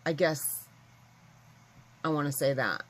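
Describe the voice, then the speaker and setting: A vlogger talks casually to her camera, rambling and candid. Her voice is low and she speaks slowly, captured on a low-quality recording.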